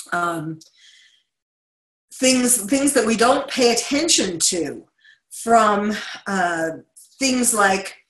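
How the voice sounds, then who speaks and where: A woman's voice: on the high side, fairly bright tone, reverberant, poor audio. Earnest New York woman hosting a talk show. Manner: earnest, with frequent fillers and restarts, occasional laughs. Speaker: host.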